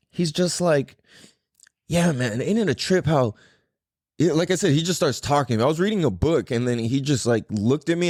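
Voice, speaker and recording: A man's voice: medium pitch, darkish tone, dry recording, studio quality. A man hosting a podcast, telling a story in a casual, rambling way full of "like"s. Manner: rambling, lots of fillers and "like"s. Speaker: podcast host.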